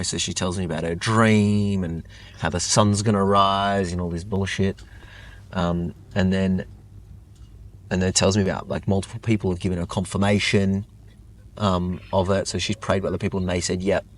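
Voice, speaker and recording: A man's voice: low-pitched, moderate pace. A young man telling a long personal story in casual chat, rambling with lots of fillers. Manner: rambling, lots of "like", animated retelling. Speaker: guest.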